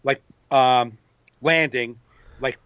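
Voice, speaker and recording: A man, a comedian hosting a podcast, telling a profane, animated story in casual banter. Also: medium pitch, drawn-out words, clear, resonant tone, no echo, muffled recording. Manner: animated storyteller, profane, acts out quoted voices.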